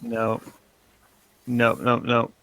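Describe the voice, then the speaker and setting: A man's voice: medium pitch, monotone, extremely slow, fairly bright tone, clear, resonant tone, poor audio. A man running a tabletop game as game master, loose and laughing, with lots of fillers.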